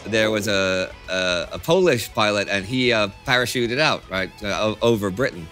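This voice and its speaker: A man's voice: fairly low pitch, expressive, moderate pace, fairly bright tone, faint music behind. A man hosting a history show, telling anecdotes in a laid-back, chuckling way. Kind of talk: casual anecdotal chat.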